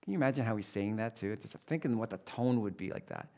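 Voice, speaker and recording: A man preaching, slowly reading scripture aloud and then explaining it in plain, conversational words. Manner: acts out voices with big pitch jumps. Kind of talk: Bible teaching.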